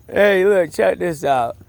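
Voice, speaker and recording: A man with a fairly high voice and a gravelly fry tells a story in a loose, rambling monologue. He swears freely, laughs, and circles back over the same points again and again. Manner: rambling, profane, laughing, repetitive. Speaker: vlogger.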